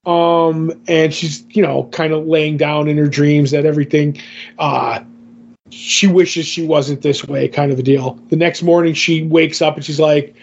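A man's voice: a little high, fairly even intonation, measured pace. Rambling man with a dull lo-fi sound. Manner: rambling, lots of fillers like "like" and "um". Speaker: comic book discussion co-host. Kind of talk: casual chat.

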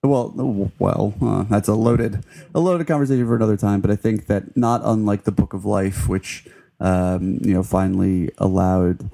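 A man's voice: on the low side, fairly even intonation, normal speed, vocal fry, warm tone. A man co-hosting a film podcast, talking in a wordy, articulate way with hedges and restarts. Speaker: podcast co-host, film critic. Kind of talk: casual film review chat.

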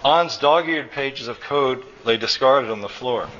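A man reads his own fiction aloud to a live audience, in a mid-pitched voice, wry and animated. The recording is slightly dull, with faint room hiss. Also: a little slow. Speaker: author reading his story. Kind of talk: public fiction reading. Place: college hall, live.

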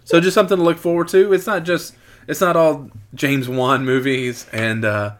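Rambling excitable podcast host man. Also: on the high side, moderate pace. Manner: rambling, self-correcting, excitable. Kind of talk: casual podcast chat.

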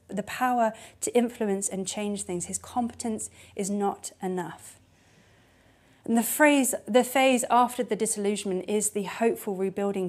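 A woman preaching a candid, personal sermon, dropping to hushed tones at times. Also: medium pitch.

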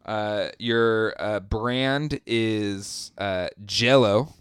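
A man's voice: fairly low pitch, drawn-out words, smooth, no echo, studio quality. A man co-hosting a podcast in casual chat, rambling with lots of fillers and frequent laughter. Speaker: podcast co-host.

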